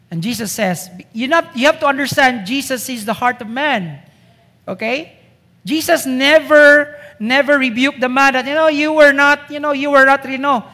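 A man whose voice sits high, pushed and bright, preaches emphatically to a congregation and piles up rhetorical questions to press his message. The recording carries the long reverb of a hall.

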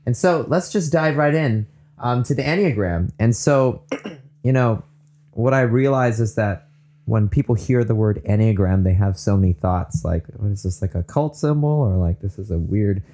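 A young man from Southern California hosts a faith podcast in a lowish, mellow voice. He talks in an eager, upbeat way and laughs often. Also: lively intonation, moderate pace. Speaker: podcast host. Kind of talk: casual faith podcast talk.

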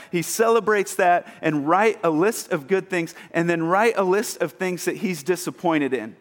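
Lively conversational man preaching. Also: high voice, moderate pace, hardly any pauses. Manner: conversational and self-mocking, acts out Jesus with animated exclamations. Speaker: pastor. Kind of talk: sermon.

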